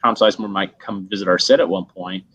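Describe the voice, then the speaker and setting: A middle-aged man, a guest actor, telling stories casually in an animated way, acting out voices and laughing often. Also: low voice, quick pace, breathy edge.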